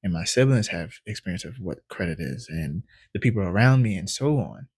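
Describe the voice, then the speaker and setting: A man with a low, slightly husky voice tells a personal story straight to camera. He gets animated as he acts out his own past thoughts and often laughs. The sound is close and dry, with no room echo. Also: fairly quick. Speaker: credit educator vlogger.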